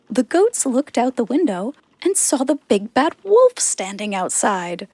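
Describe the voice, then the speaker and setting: A woman narrating a children's fairy tale in a slow, expressive reading. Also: on the high side, no room sound. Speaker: storyteller.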